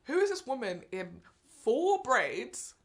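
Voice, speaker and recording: Animated woman in her thirties. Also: slow. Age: 30s. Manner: animated, laughs often, jumps into high excited bursts. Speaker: podcast co-host. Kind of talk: casual chat.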